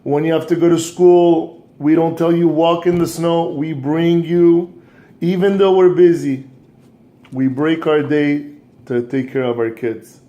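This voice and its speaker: A man teaching a scripture lesson, telling a moral story in an animated way with frequent restarts. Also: a little high, measured pace, lo-fi sound. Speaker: religious teacher and coach.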